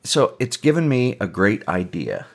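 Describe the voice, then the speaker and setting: A man co-hosting a radio music show, joking and teasing in casual banter, with a gravelly voice. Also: fairly low pitch, wildly swooping pitch, measured pace. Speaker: radio co-host.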